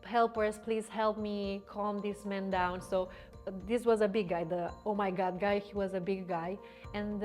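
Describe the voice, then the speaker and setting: A woman vlogger with a slightly high voice casually retells a personal story to the camera, rambling with many fillers and restarts.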